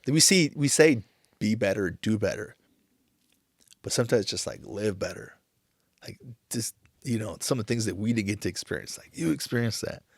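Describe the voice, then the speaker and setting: A man in his thirties talking on a podcast, emotional and halting, tearing up as he speaks with many restarts. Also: on the low side, expressive, dry recording, studio quality. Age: 30s. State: tearful. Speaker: podcast host. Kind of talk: casual chat.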